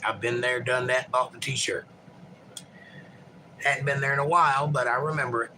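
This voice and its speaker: A man's voice: mid-range voice, steady tone, moderate pace, pushed and bright, a little hiss or hum, rough recording. A man hosting a livestream, reading viewer chat aloud and chatting in a rambling, folksy, joking way.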